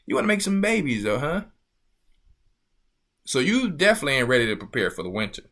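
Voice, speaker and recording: Bright-voiced preaching man, emphatic. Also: on the high side, very animated, brisk. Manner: emphatic, rhetorical questions, scolding. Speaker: church elder. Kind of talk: preaching talk.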